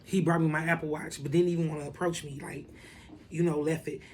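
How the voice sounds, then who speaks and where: A woman telling a story in a casual vlog, animated and profane, with lots of asides to the viewers. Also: low-pitched, a little fast, slight background noise. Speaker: vlogger.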